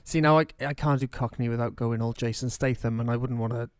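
A jokey male radio co-host, full of quick self-mocking asides as he reads out the news. His voice sits at an ordinary middle pitch on a dry, close studio mic. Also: fairly even intonation, smooth, dry recording. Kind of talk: casual radio chat.

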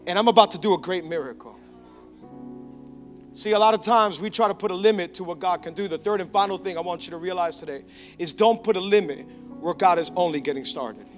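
Animated high-voiced male pastor preaching. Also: a little fast, faint music behind. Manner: animated, acts out biblical characters. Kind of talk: sermon.

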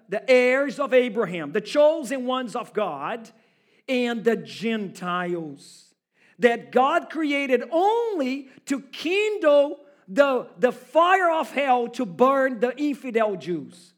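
Male pastor, sermon delivery, higher voice, deliberate slow pace, rhetorical and direct. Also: expressive. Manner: emphatic, rhetorical, addressing listeners directly. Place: church service.

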